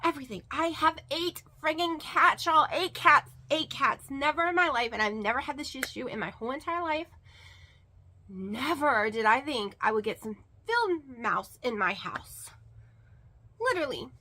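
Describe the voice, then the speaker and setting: A woman vlogger chats to her camera in a high, bright voice. She rambles with fillers and repeats words for emphasis. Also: lively intonation, moderate pace. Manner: rambling and chatty, with many fillers. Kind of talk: casual chat to camera.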